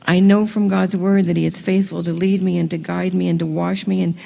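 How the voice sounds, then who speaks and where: A woman giving an enthusiastic talk to a women's gathering, moving between hushed, slow passages and excited bursts. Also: on the low side, creaky. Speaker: speaker at a women's event. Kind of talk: sermon. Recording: long reverb of a hall.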